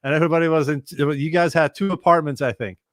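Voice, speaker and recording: A man telling a long story as a guest on a live chat show, animated and swearing freely as he acts out what people said. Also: fairly high pitch, quick pace, no echo, studio quality. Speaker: guest musician and former tour manager.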